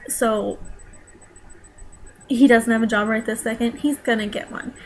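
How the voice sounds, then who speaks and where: A woman's voice: a little high, fairly even intonation, measured pace, a little hiss or hum, low-quality recording. Upset young woman ranting on camera. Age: young adult. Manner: upset, defensive, talking straight to viewers. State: near tears at times. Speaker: vlogger. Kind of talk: emotional vlog rant.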